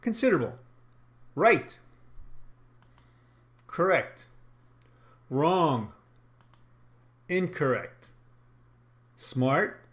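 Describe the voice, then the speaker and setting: A man giving a sales training lesson in a slightly high voice. He talks with emphasis and acts out example phrases to show his point. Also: a bit bright. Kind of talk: instructional talk.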